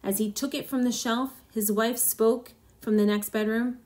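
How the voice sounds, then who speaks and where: A woman's voice: a little high, steady tone, moderate pace, a little mellow. Woman reading a story aloud. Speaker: story reader.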